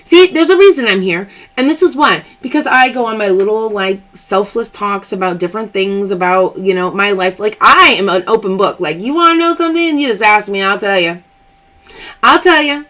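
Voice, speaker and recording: A woman's voice: mid-range voice, lively intonation, a little fast, few pauses, a bit bright. Female live-stream host: chatty, open, emphatic, talking straight to her viewers. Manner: chatty and emphatic, open about personal matters. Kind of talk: live stream chat, answering viewer comments.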